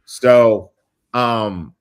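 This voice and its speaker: A man's voice: medium pitch, steady tone, drawn-out words, smooth. Male host, casual stream chat, walks through events step by step, lots of ums. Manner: explains step by step, many ums and uhs.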